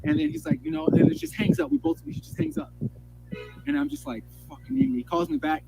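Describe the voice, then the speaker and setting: A man's voice: extremely high pitch, sing-song, fairly quick, creaky, mellow, soft background music, rough recording. A man telling a rambling personal story in an agitated, emotional way, swearing often and restarting his sentences. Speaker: storyteller in a played clip.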